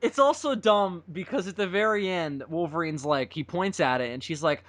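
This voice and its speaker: A young man with a high, bright voice chats casually on a podcast, animated and quick to act out movie lines. The sound is dry and close, with no room in it. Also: dry recording. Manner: animated, quotes film lines in put-on voices. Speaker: podcast co-host. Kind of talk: casual chat.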